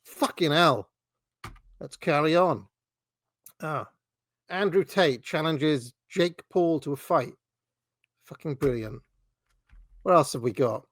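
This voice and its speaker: A man's voice: on the high side, slow pace, pauses often. A man hosting a commentary channel, ranting sarcastically about fake news and swearing often.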